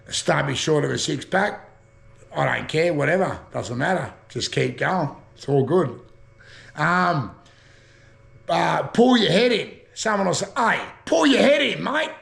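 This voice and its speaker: A man with a broad Australian accent talks in a loose, rambling way, swearing freely as he goes. His voice has heavy gravelly fry and sits a little high for a man. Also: lively intonation, unhurried. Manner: rambling, swears casually, laughs at own jokes. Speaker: vlogger. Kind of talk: casual chat explaining slang.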